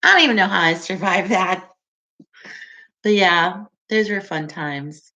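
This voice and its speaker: Slow-talking chatty woman in her forties. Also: fairly low pitch, pushed and bright. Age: 40s. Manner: chatty, laughs often, reacts aloud to comments. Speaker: livestream host reading viewer comments. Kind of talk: casual live-stream chat.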